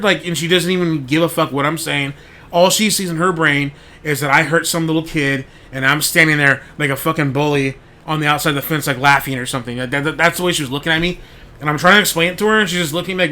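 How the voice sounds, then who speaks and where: Bright-voiced man telling rambling stories. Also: a little high, steady tone, fast talker. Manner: rambling, heavy on "like", swears freely. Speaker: podcast host. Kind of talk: casual storytelling monologue.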